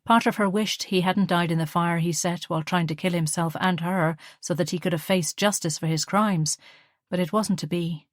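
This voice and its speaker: Audiobook narrator: woman, measured storytelling, slightly low, dry sound. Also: fairly even intonation, no echo. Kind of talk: scripted narration.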